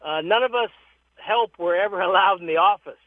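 High-voiced man telling stories over a phone line. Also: fairly quick, no echo. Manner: lively storyteller who acts out the people he quotes. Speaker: interview guest, horse trainer. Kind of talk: storytelling interview.

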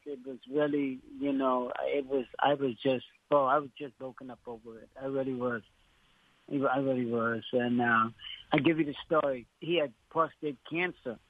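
A man's voice: medium pitch, no room sound. Man telling a story over a tinny phone line. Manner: halting, with repeated restarts. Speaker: guest, former horse exercise rider. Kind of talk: emotional personal storytelling. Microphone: telephone.

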